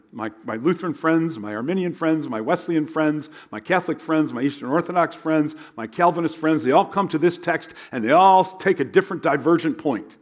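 Man, pastor, sermon, fairly high voice, animated, conversational, sudden hushed drops.

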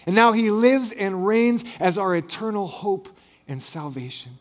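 A man preaching a sermon, reading scripture and talking with light humor, rising on big phrases and dropping soft at the ends of lines. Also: high voice, animated, a little slow. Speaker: pastor.

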